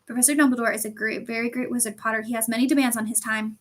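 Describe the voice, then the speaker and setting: A woman's voice: on the high side, fairly even intonation, very fast, natural voice. A woman reading the part of a strict older female teacher in a clipped, cold, reproving tone.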